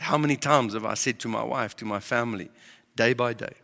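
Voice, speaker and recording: Male pastor preaching; emphatic questions, bright voice, reverberant hall sound. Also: mid-range voice, fairly even intonation, a little fast, creaky. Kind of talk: sermon.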